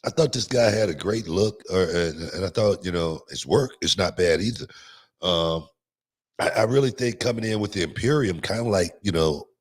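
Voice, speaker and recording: A middle-aged man, a former wrestler co-hosting a podcast, talking casually in a halting way with many "you know"s. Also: deep voice, slightly rough. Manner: relaxed, halting, heavy use of "you know". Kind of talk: casual chat.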